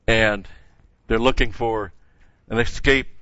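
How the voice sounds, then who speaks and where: A man's voice: lowish voice, fairly even intonation, slow pace, bright, forceful tone, dry recording, highs cut off. An older man teaching a Bible passage verse by verse in a conversational way, stopping to correct himself and leaning hard on key words.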